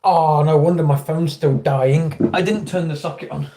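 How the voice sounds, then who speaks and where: The speaker, an English man streaming from indoors at home, talks casually with his audience, wandering off topic and running himself down. His slightly high voice has a dark tone, fairly even intonation, and a moderate pace.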